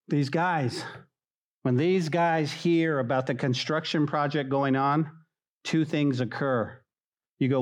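A man preaching a sermon to a congregation, animated and conversational, acting out the voices he quotes. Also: a little high, measured pace. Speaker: pastor. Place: church hall.

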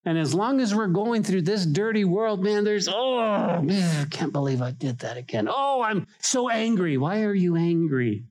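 A middle-aged male pastor preaching a sermon in an animated way, acting out quoted voices and repeating words as he starts sentences. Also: medium pitch.

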